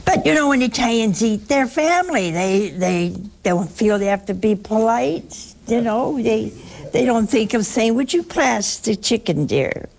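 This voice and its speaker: A woman giving a folksy, humorous religious talk to listeners, sometimes dropping into a hushed aside. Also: a little high, unhurried, gravelly. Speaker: religious speaker. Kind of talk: conversational broadcast talk to listeners.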